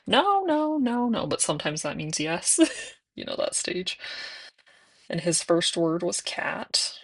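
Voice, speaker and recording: A young adult woman chatting casually while doing her nails, now and then slipping into soft whispers. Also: low-pitched, fairly even intonation, slow pace, vocal fry, husky. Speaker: nail vlogger.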